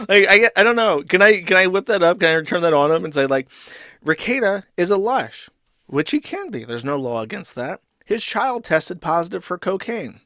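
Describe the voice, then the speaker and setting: A man's voice: high voice, sharp tone, no room sound, studio quality. A young man hosting a stream, ranting at a clip to his chat in an exasperated, profane, rambling way. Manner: exasperated, profane, rambling with restarts and mocking laughs. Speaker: streamer host reacting to a clip.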